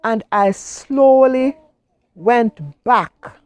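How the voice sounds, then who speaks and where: Appearing as an interview guest, a middle-aged woman who survived cancer gives a heartfelt, emotional personal testimony, acting out what she said at the time. Her voice is slightly high and rather dark, with lively intonation and a very slow pace.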